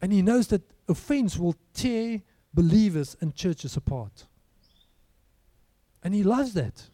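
In this sermon, a male pastor with a high and notably mellow voice addresses the congregation casually, asking them question after question. He speaks slowly in a sing-song way. The audio is close and dry, with no room sound at all.

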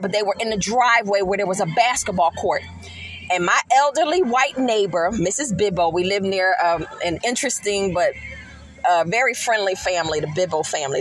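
A middle-aged woman hosting a podcast, earnestly telling a personal faith testimony in an animated, emphatic storytelling manner. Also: medium pitch, low-quality recording. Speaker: podcast host.

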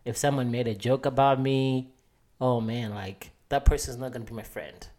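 A man's voice: mid-range voice, steady tone, moderate pace, darkish tone. Earnest young man on a podcast. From Malawi. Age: 20s. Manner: earnest, reflective, laughs easily. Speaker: podcast co-host. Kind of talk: casual chat.

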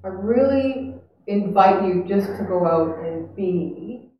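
A woman's voice: mid-range voice, animated, slow pace, muffled recording. A woman giving a spiritual talk to a live audience, earnest and chatty, reflective by turns. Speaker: spiritual speaker. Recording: echoey hall, heard from a distance.

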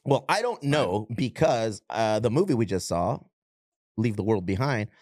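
A man co-hosting a casual podcast, talking in animated slang. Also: on the low side, moderate pace, no room sound, clean studio sound. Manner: animated, slangy, says dude and dog. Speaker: podcast co-host. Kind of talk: casual chat.

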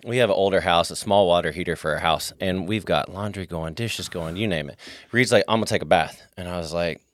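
A man's voice: sits low, a little fast, fairly bright tone, dry recording. A man telling a family story in a casual faith-based talk, acting out the quotes as he goes.

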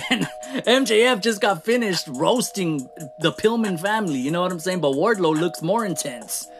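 A man with a somewhat high voice rants through a wrestling recap. His delivery is animated, he swears freely and laughs as he goes. Faint music plays under him. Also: moderate pace. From Latino. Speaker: wrestling show reviewer. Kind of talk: casual recap rant.

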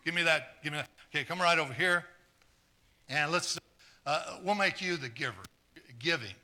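Speaking at normal speed in a slightly high voice, a preacher leads a live sermon with audience volunteers. His earnest delivery stumbles over repeated words, mixes in jokes with the congregation, and moves from soft asides to fiery exclamations.

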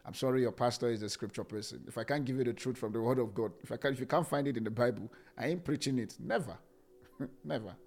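A middle-aged man preaching a sermon as pastor, repeating key phrases slowly and swinging between loud and hushed delivery. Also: mid-range voice, soft background music.

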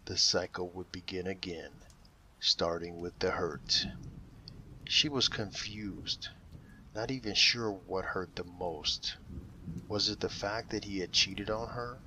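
A man reading a dramatic story aloud in a measured, emotive way. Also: low-pitched, bright, forceful tone, a little hiss or hum, low-quality recording. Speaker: narrator.

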